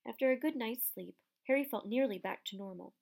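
A woman narrating a children's novel as an audiobook, giving lively voices to the characters. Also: fairly high pitch, brisk, vocal fry. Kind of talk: scripted narration.

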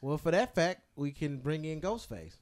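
A man's voice: a little high, normal speed. A man hosting a casual hip-hop podcast, debating rankings and counting down a list. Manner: animated, ranks and counts down a list. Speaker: podcast host.

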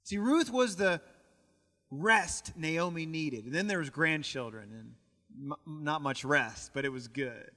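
A man with a rather high voice preaches a sermon, telling stories and often doubling words as he goes. His voice rings out with a long reverb from a church sanctuary. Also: animated, slow, pushed and bright. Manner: storytelling, repeats words as he goes. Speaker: pastor.

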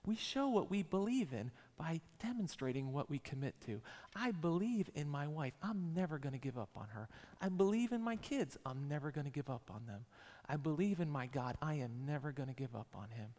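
A man's voice: on the high side, big pitch swings, fairly quick, a little mellow. A man in his forties preaching a sermon in a church, with an emphatic, repetitive cadence. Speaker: pastor. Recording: long hall reverb.

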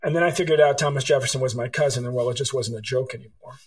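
A man's voice: mid-range voice, rapid-fire, poor audio. A middle-aged man from California, an author telling stories in an interview and acting out the dialogue. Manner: animated storyteller, acts out dialogue. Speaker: author and guest. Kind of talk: storytelling interview answers.

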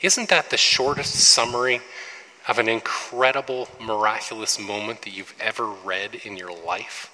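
A male pastor preaching a sermon, animated, full of rhetorical questions and quick restarts. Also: on the low side. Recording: long reverb of a large hall.

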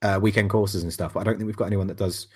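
A man's voice: on the low side, steady tone, very fast, husky. A man co-hosting a podcast, chatting in a laid-back way, swearing casually and laughing often. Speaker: podcast co-host, blacksmith. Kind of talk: casual chat.

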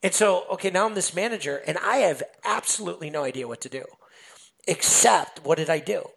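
A man's voice: high-pitched, a little fast, gravelly, breathy edge. A man guest on a podcast, a sales manager chatting casually and telling stories with lots of fillers. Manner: animated storytelling, many fillers.

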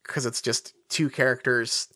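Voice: medium pitch, steady tone, a little slow, pushed and bright, dry recording, studio quality. A podcast co-host in casual chat, rambling with many fillers and swearing freely. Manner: rambling, frequent fillers, profane.

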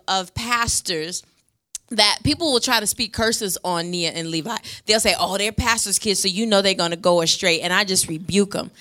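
A middle-aged woman pastor preaches a sermon in church, emphatic and passionate, her medium-pitched voice pushed and bright as it swells with each point.

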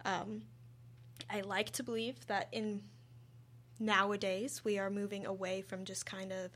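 A woman's voice: mid-range voice, level tone, unhurried, fairly bright tone. A young American woman co-hosting a casual radio discussion, talking hesitantly with many fillers. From United States. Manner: hesitant, many ums and uhs. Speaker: radio show co-host.

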